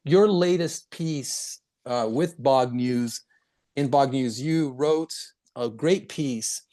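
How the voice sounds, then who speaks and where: A man hosting a casual interview, talking in a halting way with many restarts and quick laughs. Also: medium pitch, mellow. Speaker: podcast host.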